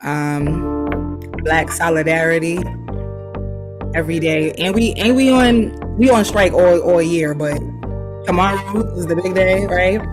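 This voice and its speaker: A woman's voice: lowish voice, fairly even intonation, unhurried, over music. Woman freestyling rhymes over a hip hop beat. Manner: casual slangy talk, half-sung rhymes and chants. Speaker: guest rapper. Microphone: video call.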